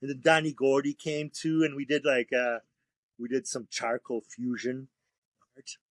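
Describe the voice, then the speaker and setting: A man's voice: medium pitch, little pitch movement, moderate pace, no echo. A man speaking as a tattoo artist guest on a podcast, telling rambling, profane stories in a laid-back way. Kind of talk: casual storytelling interview.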